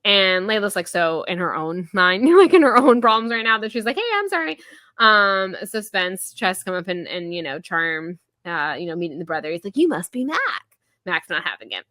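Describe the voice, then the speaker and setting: A woman in her thirties talks through a book chapter in a casual podcast chat. She is full of fillers and quick laughs. Her voice sits a bit low but bright and forceful, and it is recorded dry and close. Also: lively intonation, no echo. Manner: chatty, filler-heavy, laughs often, paraphrases scenes in quick voices. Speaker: podcast co-host.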